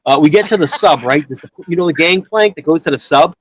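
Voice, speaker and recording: A man's voice: a little high, animated, fairly quick, low-quality recording. A man telling a long personal story in casual chat, rambling with many restarts and filler words. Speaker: guest storyteller.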